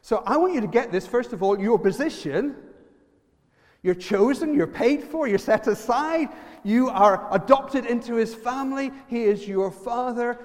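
A man with an Irish accent preaching a lively sermon, quizzing the congregation and using props. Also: extremely high pitch, normal speed, big-room sound.

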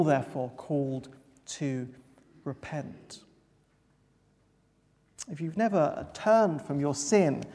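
A preacher delivering an earnest, emphatic sermon, pausing to stress key words. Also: medium pitch, a little mellow. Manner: earnest, emphatic, with pauses for weight. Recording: long hall reverb.

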